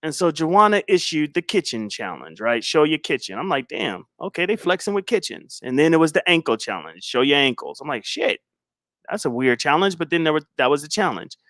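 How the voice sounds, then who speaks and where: A man's voice: on the high side, big pitch swings, brisk, a bit bright, no echo, studio quality. A man hosting a casual livestream, talking in a laid-back, slangy, rambling way with chuckles. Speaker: livestream host.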